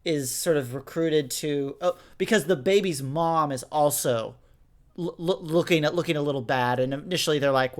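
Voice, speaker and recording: Chatty man, slightly high voice. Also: moderate pace. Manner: rambling, frequent restarts and fillers. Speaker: podcast co-host. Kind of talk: casual chat reviewing an audio drama.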